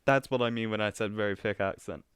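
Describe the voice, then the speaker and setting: A man's voice: lowish voice, steady tone, fast talker, a bit bright, slight background noise. A man live-streaming casual reaction commentary, chatty and mocking, often laughing at what he watches.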